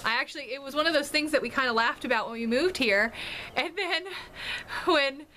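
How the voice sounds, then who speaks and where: Woman, 30s, from the DC area, family vlogger. Bright, slightly high voice, chatty and laughing often. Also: moderate pace, slight background noise. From Washington DC and Maryland area. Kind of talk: casual chat to camera.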